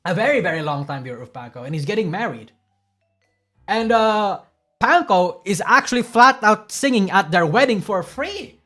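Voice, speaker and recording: A man's voice: high voice, very animated, a little slow, sharp tone, soft background music. Swearing, rambling male streamer. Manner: profane, rambling, self-deprecating. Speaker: streamer reacting to clips. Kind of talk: casual reaction commentary.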